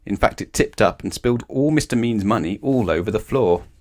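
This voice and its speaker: A man reading a children's bedtime story aloud in an expressive, animated way. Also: lowish voice, fairly quick. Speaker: storybook reader.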